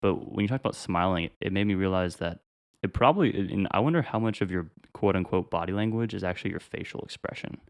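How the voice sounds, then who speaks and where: Fast-talking deep-voiced young man. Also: no echo, studio quality. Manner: quick, reflective, thinking aloud. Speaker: podcast co-host. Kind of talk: casual chat.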